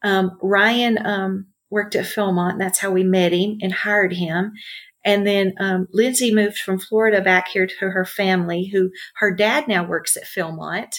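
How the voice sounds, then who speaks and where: A woman's voice: medium pitch, fairly even intonation, a little slow. Chatty middle-aged woman telling stories. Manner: chatty, warm storyteller with many fillers. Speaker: ranch owner and bar owner, guest. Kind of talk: casual interview storytelling.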